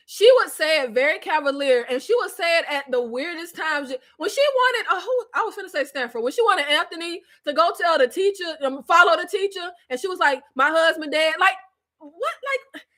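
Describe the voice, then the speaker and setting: Laughing a lot and full of slang, a high-pitched woman runs a relaxed live-stream recap. She sounds congested, with a scratchy throat, and keeps the energy animated.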